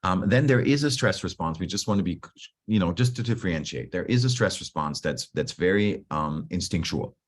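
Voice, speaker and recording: Man, very low voice, coach on a video call, casual talk, frequent restarts. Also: expressive, fairly quick. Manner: conversational, restarts often, plays out inner dialogue. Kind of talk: online talk on stress.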